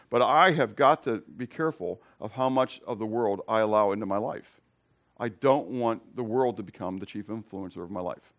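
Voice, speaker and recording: A man preaching a sermon to his congregation, conversational, asking them direct questions and moving between loud emphasis and quiet, low remarks. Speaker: pastor. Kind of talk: expository sermon.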